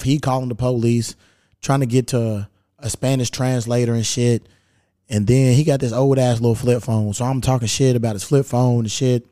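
A man's voice: mid-range voice, warm tone, dry recording, clean studio sound. Laid-back, profane man hosting solo. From Louisville, Kentucky. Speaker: podcast host. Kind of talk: casual solo storytelling. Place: at home.

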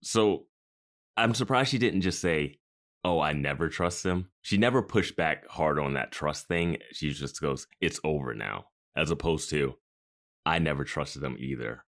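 Very deep-voiced man, rambling chat. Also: expressive, measured pace, a bit bright. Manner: rambling, restarts thoughts mid-sentence. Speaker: podcast co-host. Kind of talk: casual chat.

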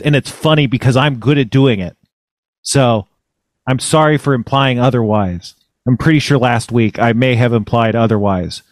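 Male podcast host, dry deadpan delivery, mid-range voice, close dry mic. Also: mid-range voice, no echo. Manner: deadpan, self-mocking and rambling. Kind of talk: casual comedic podcast chat.

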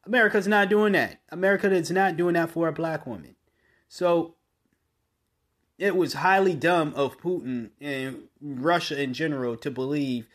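A man hosting his own podcast, speaking in a blunt, opinionated monologue that often restarts mid-sentence and rises into forceful bursts. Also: a little high, moderate pace. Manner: conversational with frequent restarts. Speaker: podcast host.

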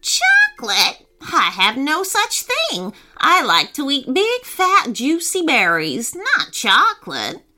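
A woman voicing a fussy toucan who squawks out shrill, exclaiming lines. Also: huge pitch swings, takes it slowly, sharp tone, heavily acted. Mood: indignant.

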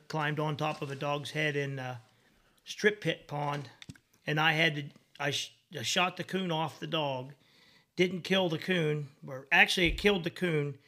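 A man's voice: on the high side, pushed and bright. A man telling a story in a plainspoken, casual way, laughing at his own mishaps.

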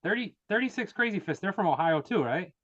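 A man in casual chat asking quick questions and second-guessing what he remembers. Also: sits high, expressive, a bit bright, no room sound, highs cut off. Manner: quick questions, unsure, checking himself.

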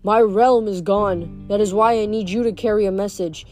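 A woman voicing an ancient, fading male nature god, speaking softly and sorrowfully. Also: mid-range voice, steady tone, soft background music, lightly acted. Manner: soft, slow, sorrowful delivery.

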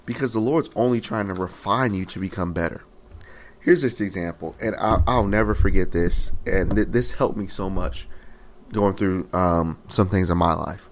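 A man's voice: low voice, moderate pace, a little hiss or hum. A man in his twenties preaching a sermon, telling a story with emphatic, repeated phrases. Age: 20s.

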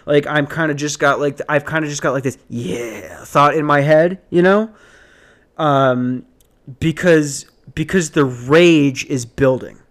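A man's voice: fairly high pitch, steady tone, measured pace. A man hosting a podcast, ranting casually in a rambling, profane, sardonic way with sighs and restarts. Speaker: podcast host.

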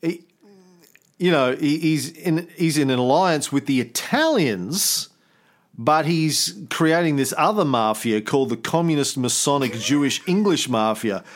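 A man's voice: a little high, unhurried. A man hosting a casual history podcast, telling the story in a loose, chatty way with the odd swear word. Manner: animated storytelling, swears, puts on voices for quotes. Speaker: podcast host.

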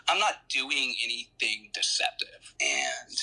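A man with a very bright, edgy voice that carries a husky grain. He recounts his story in a loose, rambling way, circling back with restarts and fillers as a guest in an interview. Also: medium pitch, wildly swooping pitch, slow, poor audio.

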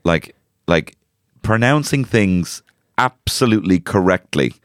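A man's voice: low voice, lively intonation, measured pace, dry recording, clean studio sound. A man with a Dublin accent, co-hosting a podcast in crude, sweary banter. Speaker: podcast co-host. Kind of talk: casual chat.

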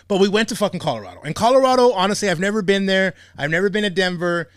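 A man's voice: sits high, very fast, few pauses, no echo, clean studio sound. A man hosting a podcast, telling a story in a casual, profane way and laughing often. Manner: animated, swears a lot, laughs often. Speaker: podcast host.

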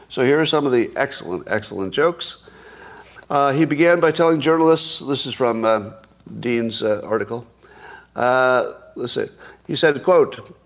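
A man in his sixties hosting a live stream, talking in a sarcastic, mocking way. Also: mid-range voice. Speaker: podcast host.

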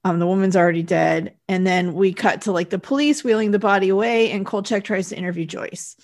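Woman calmly summarizing a film plot. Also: mid-range voice, fairly quick. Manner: steady plot summary, reads out dates and times. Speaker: podcast co-host. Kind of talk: casual chat recapping a film.

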